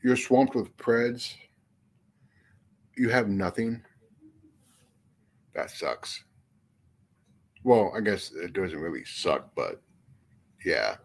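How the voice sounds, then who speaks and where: A man's voice: lowish voice, lively intonation, drawn-out words, gravelly, pauses often. A young man hosting a casual live chat, rambling and cursing, self-deprecating about being unsure what to do. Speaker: livestream host. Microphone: phone or headset mic.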